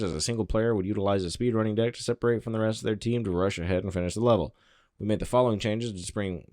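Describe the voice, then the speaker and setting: A fairly low-voiced man reads through game patch notes in short flat bursts and breaks in with quick offhand remarks. He sounds slightly out of breath. The sound is dry and close, with no room around it. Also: no echo. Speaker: gaming channel host. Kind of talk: reading patch notes with casual commentary.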